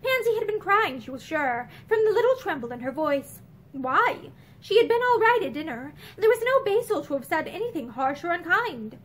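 A woman reading a novel aloud in an expressive, measured way, recorded indoors in a room with bookshelves. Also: extremely high pitch. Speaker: reader.

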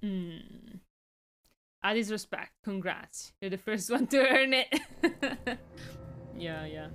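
Chatty Italian-accented woman streamer. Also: fairly low pitch. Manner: chatty, rambling, swears casually. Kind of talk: casual gameplay commentary.

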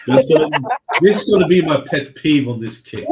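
Man host with a cold, husky and sniffly, lively pitch, casual and swearing, keeps restarting his words. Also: a little slow, pauses often, slight background noise, poor audio. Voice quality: husky whiskey voice. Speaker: stream host. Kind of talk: casual chat on a hobby stream.

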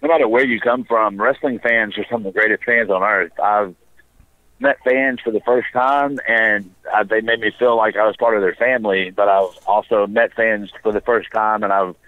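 Male wrestler guest, casual storyteller with a deadpan, sarcastic streak; dry, phone-like sound. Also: lowish voice, moderate pace, no room sound. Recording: dry tinny phone line.

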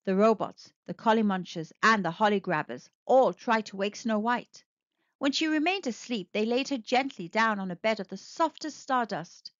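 A woman reading a children's storybook aloud, expressive and animated. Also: mid-range voice, moderate pace, no room sound, highs cut off.

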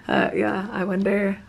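A young woman chatting casually to camera in a hotel room, rambling and laughing often as she goes. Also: mid-range voice. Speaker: vlogger. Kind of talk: casual vlog chat.

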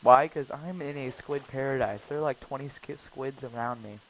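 A man's voice: mid-range voice, moderate pace, a bit bright, a little hiss or hum, poor audio. A man casually joking and teasing his friend while commentating a game he is playing. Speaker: co-host of a game series. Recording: music playing under the voice. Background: background music.

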